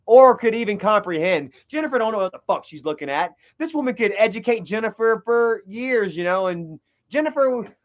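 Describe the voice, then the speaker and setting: High-voiced man ranting on a stream. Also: lively intonation, fairly quick, hardly any pauses, highs cut off. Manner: heated, swears a lot, repeats himself. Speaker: livestreamer. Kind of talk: rambling profane storytelling commentary.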